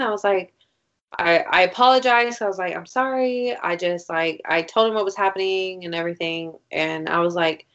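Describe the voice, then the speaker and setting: A woman's voice: fairly low pitch, normal speed, fairly bright tone. A young woman in casual chat, telling a story in a rambling way, full of "like" and swearing. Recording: dull lo-fi recording.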